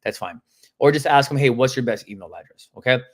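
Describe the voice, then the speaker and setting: A man coaches real estate agents live, animated and emphatic, acting out phone calls and calling out viewers by name. He talks fast in a husky, medium-pitched voice.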